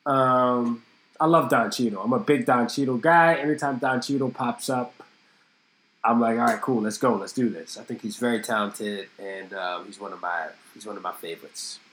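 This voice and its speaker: Solo podcast host, medium pitch, moderate pace: his slightly bright voice rings in an echoey room. He rambles casually, swears without restraint, and often jokes at his own expense.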